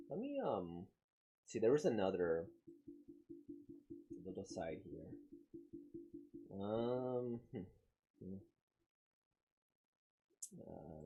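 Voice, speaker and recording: A man's voice: fairly low pitch, warm tone, breathy edge. A man casually reacting to a comic he is reading aloud, rambling with many fillers.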